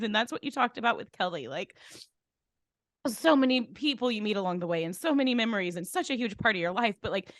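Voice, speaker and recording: A woman's voice: medium pitch, no echo, clean studio sound. A woman co-hosting a podcast, gushing and rambling with lots of fillers. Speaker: podcast co-host. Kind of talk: casual chat.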